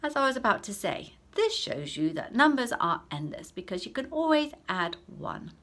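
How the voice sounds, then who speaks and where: An old male maths teacher from a storybook, patient and lecturing, his voice lively and rising high on key words, as a woman reading aloud puts him on. He keeps a mild, schoolroom manner with a sing-song lift. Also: moderate pace. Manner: patient, lecturing, turns sharp when irritated.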